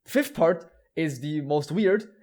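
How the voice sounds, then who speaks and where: A man's voice: a little high, lively intonation, measured pace, a little mellow. A man hosting a podcast, explaining things at length in casual chat, with frequent restarts and blunt wording. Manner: explains at length, with many restarts and some laughing. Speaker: podcast host explaining lore.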